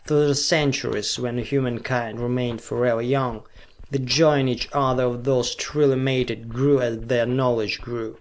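A man reading an old pulp novel aloud in a measured, steady voice. His pitch sits right in the middle, neither deep nor high. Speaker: audiobook narrator. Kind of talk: scripted narration of pulp fiction.

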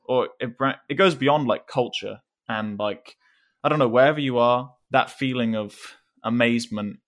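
A man's voice: mid-range voice, normal speed, a bit bright. English man rambling through an anecdote. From England. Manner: rambling with frequent restarts and fillers, chuckling often. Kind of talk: casual conversational anecdote.

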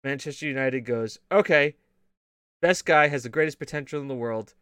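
A man's voice: medium pitch, normal speed, a bit bright, clear, resonant tone, dry recording, studio quality. A man co-hosting a casual gaming show, telling rambling stories full of swearing and laughter. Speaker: podcast co-host.

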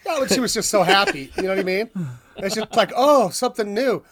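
A man's voice: high-pitched, fast, a bit bright. A man hosting a podcast, telling rambling stories in casual chat with lots of ums. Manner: rambling storyteller, filler-heavy, swears. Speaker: podcast host.

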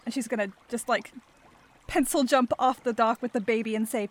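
Woman, player, fairly high voice, playful. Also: fairly even intonation, brisk, no room sound. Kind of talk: casual tabletop play.

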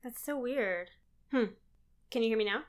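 A woman's voice: fairly high pitch, moderate pace. A woman co-hosting a podcast over a remote call, chatty and laughing often in casual talk. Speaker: podcast co-host. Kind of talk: casual chat.

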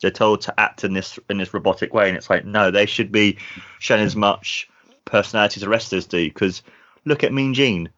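Low-voiced man, enthusiastic chat. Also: steady tone, brisk, a bit bright. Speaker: podcast co-host. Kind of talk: casual chat. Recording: dull lo-fi sound.

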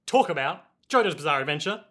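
Bright-voiced man co-hosting a podcast. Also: a little high, lively intonation. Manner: quick, joking, laughs often. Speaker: podcast co-host. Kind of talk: casual podcast chat.

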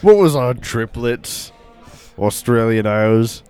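A man's voice: mid-range voice, expressive, slow pace, a little mellow, smooth, faint music behind. Goofy young man narrating his game moves. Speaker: gamer. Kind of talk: casual gaming banter.

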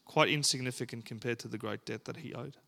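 A man preaching a sermon and reading scripture aloud, earnest and deliberate, with dramatic pauses and emphatic rises. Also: mid-range voice, gravelly, sharp tone.

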